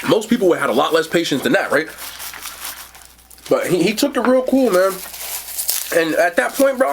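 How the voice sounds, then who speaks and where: Husky dude vlogging, telling a story real animated, bro this, y'all that. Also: male voice, sits high. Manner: animated, slangy, addresses viewers as bro and y'all. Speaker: food review vlogger. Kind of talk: casual storytelling to camera.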